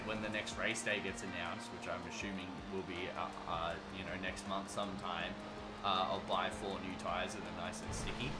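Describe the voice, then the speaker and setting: A young man chatting casually on a gaming livestream. He rambles, swears freely and reads chat aloud. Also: on the low side. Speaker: gaming streamer. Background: background music.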